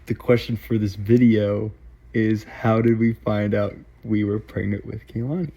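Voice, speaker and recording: A man in his twenties casually telling a story, quick and full of "like" fillers. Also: fairly low pitch, fairly even intonation, creaky, mellow. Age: 20s. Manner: fast, filler-heavy, lots of "like". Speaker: vlogger.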